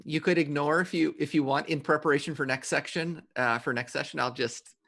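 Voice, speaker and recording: A man's voice: fairly high pitch, fairly even intonation, fairly quick, vocal fry, a bit bright. A man running a tabletop game as game master, rambling with many fillers and restarts.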